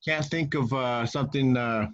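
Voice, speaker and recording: A man's voice: mid-range voice, moderate pace, a bit bright. A man giving casual welcome remarks on a video call, rambling, with many fillers. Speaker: webinar host. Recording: dull lo-fi call audio.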